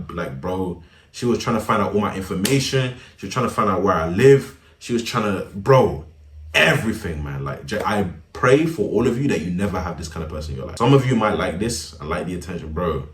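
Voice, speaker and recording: A young man narrates a storytime in a deep, low voice. His delivery is casual and slangy, and he sounds incredulous as he keeps calling the listener "bro". The room around him rings with a noticeable echo. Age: young adult.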